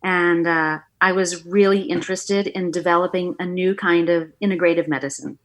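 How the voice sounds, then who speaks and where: Animated middle-aged woman telling a story. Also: fairly low pitch, moderate pace. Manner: animated storyteller, acts out quoted dialogue. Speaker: guest, author and former acupuncturist. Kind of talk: casual storytelling interview.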